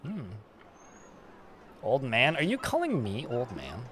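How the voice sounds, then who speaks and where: A young man chats his way through a game stream in a bright, forward voice that bounces around in pitch. He jokes, rambles and swears freely as he thinks out loud. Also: wildly swooping pitch, slow, soft background music. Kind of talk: casual gameplay commentary.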